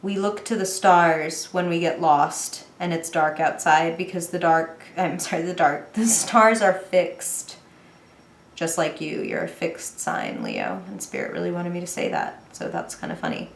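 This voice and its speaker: A woman's voice: fairly low pitch, very animated, measured pace, gravelly, a little hiss or hum. Chatty woman doing a tarot reading. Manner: chatty, laughing, filler-heavy, speaks to viewer directly. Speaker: tarot reader. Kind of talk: casual tarot reading to camera. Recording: echoey room.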